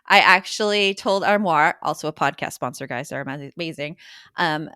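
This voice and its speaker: Casting: middle-aged woman podcast host, bright voice, close dry mic, laughs easily. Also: low voice, normal speed, smooth, no room sound. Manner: chatty, laughs often, mimics her kids. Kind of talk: casual chat.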